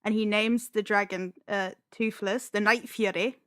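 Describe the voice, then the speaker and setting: A woman's voice: mid-range voice, fairly even intonation, normal speed, a bit bright, dry recording. Giggly young woman retelling a plot. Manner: giggly, lots of "like" and "um", self-deprecating. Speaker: podcast guest. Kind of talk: casual chat, retelling a film plot.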